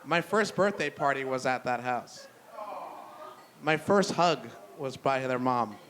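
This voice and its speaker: At a live brewery show, a young man does stand-up, telling loose, profane, self-deprecating stories full of restarts in a rambling delivery. His mid-range voice has lively intonation and a measured pace, against a noisy background.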